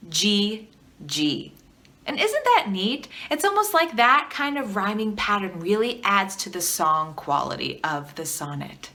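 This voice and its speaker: Speaking slowly and with animation, a woman teaching artist runs a video lesson, prompting the viewer with questions and having them echo her lines. She's encouraging throughout, her medium voice bright and forceful.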